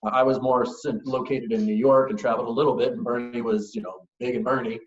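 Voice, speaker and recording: A man's voice: mid-range voice, level tone, fast. A man, a whiskey brand ambassador, telling stories as a guest in a casual interview, with an easygoing manner and frequent chuckles. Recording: echoey, dull lo-fi remote audio.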